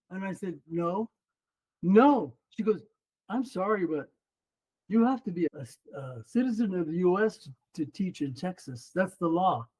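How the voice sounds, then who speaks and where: A man's voice: high-pitched, rough recording. A man in his seventies, a former runner and coach, telling a story in an interview and acting out the other people in it. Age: 70s. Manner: animated, acts out quoted voices.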